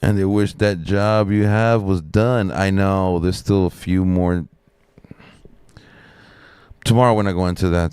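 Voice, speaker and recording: A middle-aged man rambling through a profane story on a casual live stream, with lots of fillers and a sharply higher voice when he quotes other people. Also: steady tone, a little slow, long pauses, a little mellow, smooth, dry recording. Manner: raises pitch sharply when quoting others.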